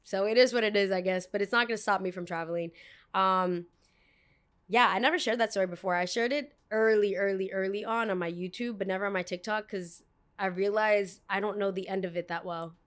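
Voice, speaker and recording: A woman podcast host tells a story in a loose, rambling way. She is expressive and drops casual swears. Her voice sits in a middle pitch. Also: a little fast.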